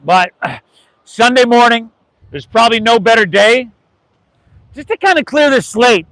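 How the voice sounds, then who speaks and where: High-voiced man leading yoga, dry sound. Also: normal speed, no room sound, rough recording. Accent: American. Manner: relaxed, encouraging, calls students "y'all". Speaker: yoga instructor. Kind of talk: live guided yoga class. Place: oceanfront outdoor yoga class.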